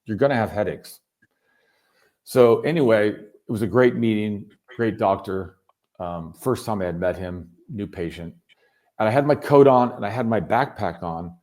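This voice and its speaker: A man telling his story as a guest in a casual chat, animated and swearing freely. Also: fairly low pitch, moderate pace. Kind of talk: casual video call chat. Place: home in Berlin.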